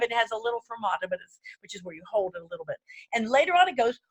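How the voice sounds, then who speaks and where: A woman's voice: fairly high pitch, very animated, very fast. A woman giving a casual online music lesson, chatty and enthusiastic, wandering off topic and counting beats aloud as she plays a keyboard. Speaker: music lecturer. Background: faint keyboard playing.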